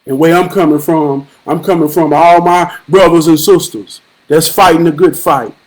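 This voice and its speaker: A man hosting a live stream, giving a profane, preachy monologue with rhythmic repetition and occasional shouted bursts. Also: a little high, steady tone, moderate pace. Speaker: livestream host.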